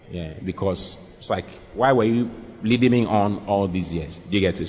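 A male pastor giving earnest, emphatic counsel during a sermon Q&A, often repeating his points. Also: lowish voice. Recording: long reverb in a large hall.

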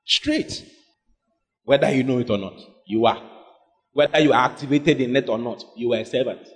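A man preaching a lively sermon as pastor to a congregation, acting out scenes and questioning listeners directly. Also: mid-range voice, moderate pace. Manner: animated preaching, acting out God in a dramatic skit. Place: church hall with congregation.

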